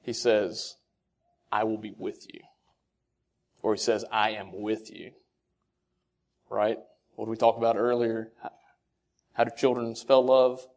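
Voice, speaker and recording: A man giving a sermon-style talk to fathers, asking rhetorical questions and quoting scripture, his delivery swinging between soft and loud. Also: on the low side, level tone, a little slow, long pauses. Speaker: speaker addressing fathers.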